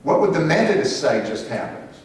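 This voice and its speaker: A man's voice: on the high side, big pitch swings, brisk. A man teaching a church class who asks the group questions and calls on people by name. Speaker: Sunday school teacher. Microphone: room mic from a distance. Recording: echoey room from far off, faint hiss.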